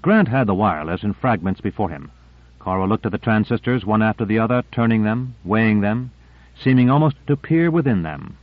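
A man reading an audiobook in a measured, even narration. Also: on the low side, dry recording. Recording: dry narrow phone-like audio.

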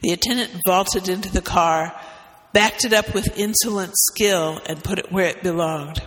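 A man reading a story aloud as narrator, with steady, expressive narration. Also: high-pitched, moderate pace, long reverb tail.

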